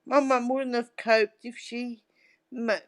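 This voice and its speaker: Slow, chatty middle-aged woman. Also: a little high, level tone. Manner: chatty storyteller, tags lines with "right?". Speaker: guest. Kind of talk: casual interview chat.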